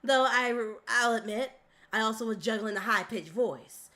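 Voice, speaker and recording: A woman voicing a sharp-witted country woman, deepening her voice into a put-on Southern US country drawl. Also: normal speed. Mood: relaxed.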